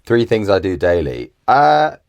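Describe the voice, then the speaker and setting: A man who is a guest on a podcast, talking in an easygoing, relaxed way and often laughing. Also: fairly low pitch, unhurried, vocal fry, no echo, muffled recording. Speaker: podcast guest, actor and coach. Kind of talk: casual conversational interview.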